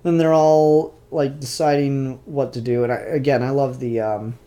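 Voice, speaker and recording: A man's voice: mid-range voice, steady tone, normal speed, mellow. A man casually reviewing comic books, rambling and opinionated with frequent fillers.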